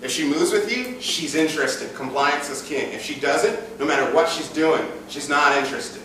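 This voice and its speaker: A man coaching an audience at a live seminar, crude and animated, swinging between loud hype and low murmured demonstrations. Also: normal speed, a little hiss or hum. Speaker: dating coach speaking at a seminar. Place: event hall. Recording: distant echoey room recording with faint ambience.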